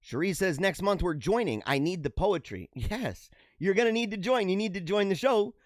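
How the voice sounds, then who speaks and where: A man with a fairly high, very lively voice hosts a casual livestream. He chats through viewer comments in an animated way and often drops into low asides. His radio-style mic sounds close and dry. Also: normal speed, no echo. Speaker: livestream show host. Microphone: radio-style studio mic.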